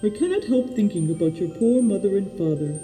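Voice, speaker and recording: A woman doing a big gentle giant. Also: mid-range voice, expressive, brisk, big-room sound, faint music behind, voice pushed down, lightly acted. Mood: tender. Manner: mangled grammar, tender and indignant. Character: big friendly male giant, gentle and soft-hearted. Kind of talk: storybook reading.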